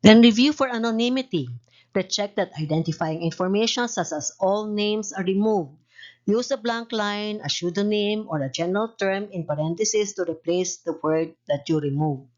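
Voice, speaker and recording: A woman giving scripted instructional narration, reading rules and examples in a steady, literal way. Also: mid-range voice, normal speed, dull audio. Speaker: narrator of a research-methods tutorial.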